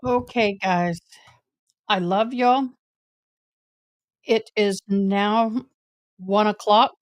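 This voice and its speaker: A woman's voice: medium pitch, fairly even intonation, extremely slow. A woman hosting a livestream, closing out late at night with gushing, affectionate thanks to her viewers. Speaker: stream host and interpreter. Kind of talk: livestream sign-off chat.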